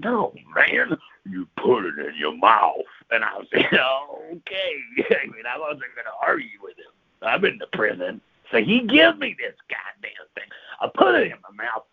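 A man spins a wild, profane comic tall tale, jumping between loud bursts and hushed whispers. His low voice is gravelly and husky, and his pitch swings all over the place. The sound is dull, lo-fi radio audio.

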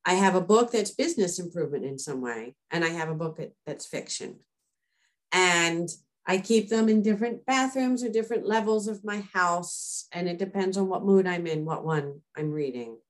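A woman in casual conversation, telling personal stories in a chatty, animated way. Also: on the low side, normal speed. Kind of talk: casual chat.

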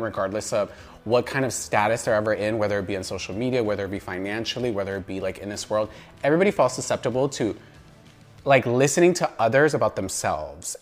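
Animated, giggly American man. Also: fairly low pitch. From United States. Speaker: podcast guest. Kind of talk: casual interview chat.

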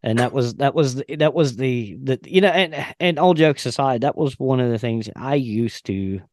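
A man's voice: medium pitch, lively intonation, normal speed, a little mellow, dry recording, studio quality. A man in his thirties hosting a podcast, casual, folksy and easygoing, with jokes mixed into the chat. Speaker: podcast host.

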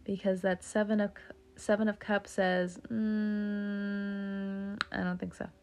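A woman's voice: medium pitch, little pitch movement, slow, a little mellow. A young woman giving a casual tarot reading, joking around, swearing freely and drifting off on tangents. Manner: joking, profane, talks off on tangents. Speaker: tarot reader.

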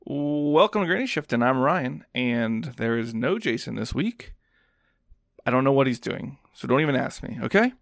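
A man's voice: mid-range voice, very animated, normal speed, gravelly. A man hosting a podcast alone, recapping a film scene in a rambling, casual way with lots of fillers. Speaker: podcast host.

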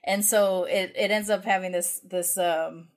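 A woman's voice: mid-range voice, fairly even intonation, a little slow. A woman from the United States co-hosting a podcast, telling a family story in casual chat with lots of restarts and fillers. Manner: rambling, full of restarts and fillers. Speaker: podcast co-host.

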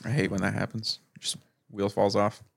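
A man's voice: lowish voice, flat delivery, moderate pace, vocal fry. A man in a casual podcast chat, making brief, laid-back remarks.

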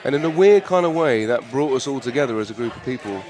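A man's voice: mid-range voice, expressive, quick pace, a little mellow. A man, an actor guest, chatting casually and laughing at himself. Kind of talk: casual chat, joking. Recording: crowd noise around.

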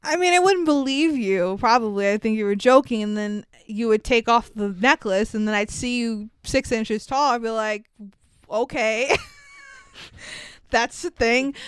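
A woman's voice: a little high, unhurried, smooth, no room sound. A woman in her thirties co-hosting a casual podcast, retelling a movie with frequent laughs and swearing. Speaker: podcast co-host. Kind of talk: casual movie recap chat.

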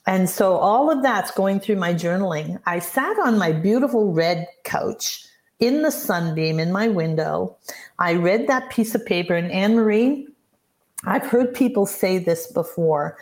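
A woman's voice: lowish voice, lively intonation, measured pace, a little mellow. A woman in her sixties, a business coach, telling personal stories in an earnest, reflective way as a podcast guest. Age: 60s. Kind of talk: podcast interview, storytelling.

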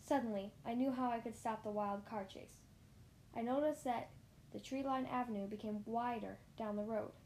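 A woman's voice: on the high side, normal speed, slight background noise. Woman reading a children's story aloud. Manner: lively first-person storytelling with small slips. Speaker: narrator.

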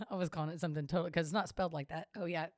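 A woman's voice: lowish voice, no echo, clean studio sound. A woman co-hosting a podcast in casual chat, chatty and playful, laughing often. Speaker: podcast co-host.

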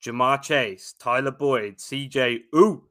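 A man's voice: medium pitch, unhurried, fairly bright tone. A man from South London with a London accent, a podcast guest joking and confidently talking through the game. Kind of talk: casual sports podcast chat.

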